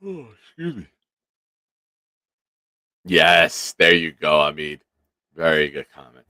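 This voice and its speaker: A man with a low-pitched voice hosts a casual sports livestream. His sound is dry and close to the mic, and his talk is loose, profane, and quick to laugh. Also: big pitch swings, sharp tone, dry recording. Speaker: livestream sports show host. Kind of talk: casual live-stream chat, reading viewer comments.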